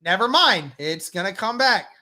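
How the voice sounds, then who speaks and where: A woman hosting a live football watch-along stream, calling plays and reacting with animated, exasperated outbursts while thanking chat members. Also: mid-range voice, moderate pace.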